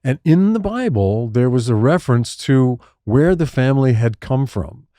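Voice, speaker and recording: An older American man with a middle-pitched voice tells a story in a lively, animated way, his pitch swinging up and down. The recording is dry and close to the mic. He laughs easily as he talks. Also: moderate pace, no echo. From United States. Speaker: podcast co-host. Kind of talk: casual chat.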